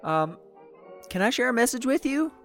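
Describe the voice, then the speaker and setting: A woman's voice: fairly high pitch, very animated, normal speed, soft background music. A woman playing an earnest, polite male missionary who talks eagerly with small hesitations.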